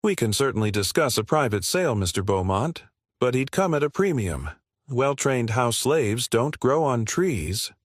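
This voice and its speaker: A man's voice: mid-range voice, sing-song, moderate pace, no room sound, studio quality. A man voicing a jovial, boastful plantation owner in a narrated story. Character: plantation slave owner, smooth salesman.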